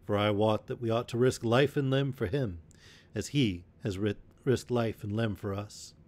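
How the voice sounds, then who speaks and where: A man's voice: on the low side, moderate pace, darkish tone, lightly acted. A man voicing a bold, commanding outlaw leader in a storybook reading, with rousing archaic speech.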